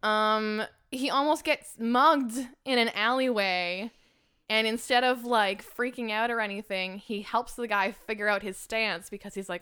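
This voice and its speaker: Bright, smooth-voiced young woman recapping. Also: on the high side, steady tone. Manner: emotional, quick retelling with many fillers. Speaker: podcast co-host. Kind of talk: casual recap chat.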